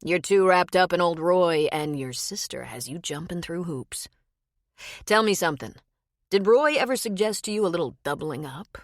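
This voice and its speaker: Vrouw die speelt sluwe mannelijke oplichter. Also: female voice, lowish voice, expressive, moderate pace, no room sound, studio quality. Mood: menacing. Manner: teasing, slick, sinister. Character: smooth adult male con man, charming then menacing.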